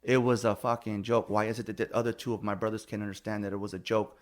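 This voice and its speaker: A man's voice: fairly low pitch, little pitch movement, fast talker. A middle-aged man hosting a podcast, venting in casual chat, blunt and heated, swearing freely and getting defensive. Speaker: podcast host.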